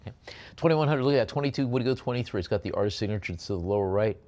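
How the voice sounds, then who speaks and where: Chatty low-voiced male auctioneer. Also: animated, a little mellow, lo-fi sound. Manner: rapid bid calling mixed with chatty asides and many fillers. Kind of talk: live auction calling with item descriptions.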